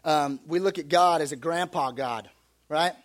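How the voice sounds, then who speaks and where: A young male youth pastor preaching in a loose, conversational way, slipping into quick acted-out voices to make his points. His voice sits high for a man. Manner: casual and animated, acts out little voices. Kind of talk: youth sermon.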